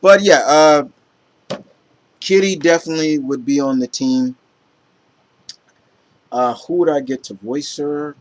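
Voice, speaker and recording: A man chatting casually to camera in an excited, rambling way, with many fillers and restarts. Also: fairly high pitch, unhurried, long pauses. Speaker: vlogger. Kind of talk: casual chat.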